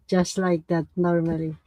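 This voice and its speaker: A woman's voice: fairly low pitch, dark tone, no room sound. A Filipino woman hosting a casual live stream, reacting with short questions and loose, informal phrasing. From Philippines. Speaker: livestream host.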